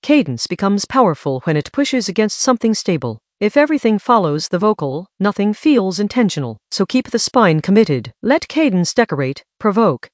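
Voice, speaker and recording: Lively, instructive music production tutor. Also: mid-range voice, no room sound, lo-fi sound. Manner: instructive, step-by-step, emphatic. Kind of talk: scripted tutorial narration.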